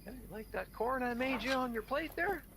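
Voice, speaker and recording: A man's voice: very high-pitched, lively intonation, fairly quick, vocal fry, noisy background, pitched above the performer's own voice, full character voice. Man putting on a smug, pushy dinner host. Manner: overbearing, pushy, fussing over the food. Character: smug man hosting a holiday dinner, condescending and demanding thanks.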